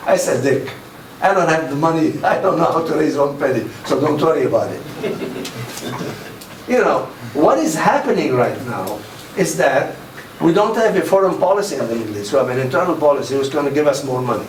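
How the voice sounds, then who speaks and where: A man's voice: a little high, lively intonation, fairly quick. An older man giving a public lecture, telling anecdotes and acting out the quoted dialogue with animation. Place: mosque hall. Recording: roomy, distant mic with faint noise.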